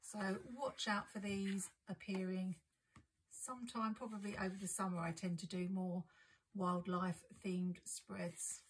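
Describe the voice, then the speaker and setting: A woman's voice: medium pitch, fairly even intonation, unhurried, slight background noise, poor audio. A woman chatting casually and enthusiastically as she unboxes and describes craft supplies for her vlog. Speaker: craft and planner vlogger. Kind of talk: casual haul unboxing chat.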